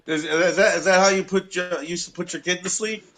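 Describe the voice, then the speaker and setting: A male comedian in casual podcast chat, dropping deadpan wisecracks. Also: sits high, brisk, a little hiss or hum.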